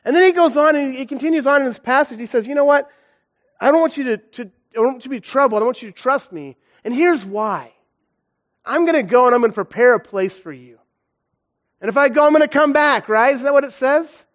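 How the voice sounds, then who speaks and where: A man's voice: extremely high pitch, animated, brisk, fairly bright tone. A man in his thirties giving an earnest, conversational sermon built around a personal story, with his feeling rising and falling as he talks. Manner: earnest, conversational, emotional swings. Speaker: guest preacher.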